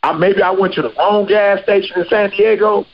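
A man's voice: high-pitched, steady tone, moderate pace, dull audio. A man hosting a podcast, talking casually and emphatically with slang. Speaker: podcast host.

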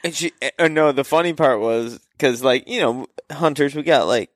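A man's voice: medium pitch, moderate pace, no echo, clean studio sound. A man in casual conversation, chiming in and mimicking others. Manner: lively, chimes in, mimics others. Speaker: guest.

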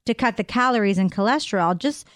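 A woman's voice: mid-range voice, expressive, fast, dry recording. Cheerful female radio co-host, dry sound. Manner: cheerful, laughs easily. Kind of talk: casual radio chat. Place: radio studio. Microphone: studio microphone.

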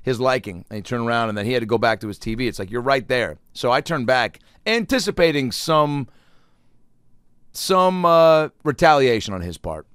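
A man telling a rambling, profane comic story in a casual monologue, breaking into loud acted-out quotes. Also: mid-range voice, expressive, moderate pace, clean tone, no room sound, clean studio sound. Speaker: comedian.

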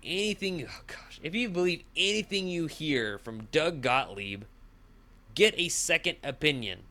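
A man hosting a casual sports talk show, opinionated and exasperated, climbing high in pitch when he gets heated. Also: animated, a little slow, bright, forceful tone.

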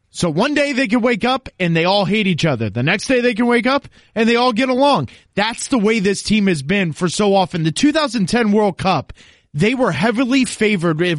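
Man, high pitch, emphatic, confident soccer analyst, podcast chat, dry studio sound. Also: no echo. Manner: emphatic, confident, explains at length.

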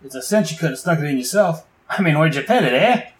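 A man reading comic lines as a cowardly male crook, his voice pitched well above his own. He whines and pleads, cheeky and boastful by turns. The voice swings about and rises loudly on the excuses. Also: expressive, fast, natural voice. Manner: whiny, pleading, higher-pitched. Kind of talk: reading comic dialogue aloud.

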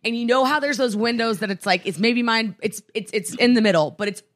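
A woman co-hosting a casual chat podcast from a hotel room. She tells an animated story and acts out the people in it. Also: fairly high pitch, a little fast. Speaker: podcast co-host.

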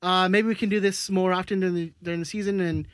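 A man's voice: high voice, fairly even intonation, quick pace, fairly bright tone, clean tone, no room sound. Stammering podcast co-host, a man. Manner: stammering, repeats words. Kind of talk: casual chat.

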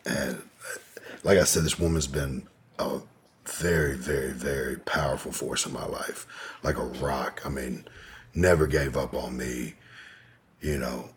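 A man's voice: extremely low pitch, fairly even intonation, unhurried, breathy edge. A man telling a long personal story as a podcast guest, in a laid-back, profane, rambling way. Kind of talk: casual storytelling in an interview.

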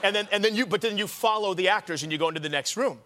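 A man chatting as a talk-show guest, animated and quick, slipping into little voices and laughter. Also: sits high, a little hiss or hum. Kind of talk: comedic talk-show chat. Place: TV studio with audience.

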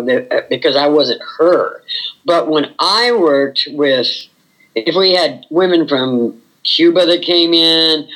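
A woman's voice: deep voice, a bit bright, low-quality recording. An older woman, a former burlesque performer, reminiscing frankly in a chatty interview and often saying "you know".

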